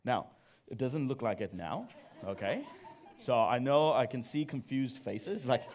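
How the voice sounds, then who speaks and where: Man preaching with an animated, joking delivery. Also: medium pitch, unhurried. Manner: animated storyteller, jokes at own expense, addresses audience. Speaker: church speaker. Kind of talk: sermon with personal story. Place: church service.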